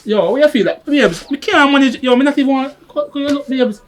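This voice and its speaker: Jamaican-accented man, high voice, frantic accuser in a film drama, pleading and repetitive; an actor plays him. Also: brisk, a little hiss or hum. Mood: suspicious. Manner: pleading, repeating himself, rising into protest. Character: agitated man accusing his partner of stealing money.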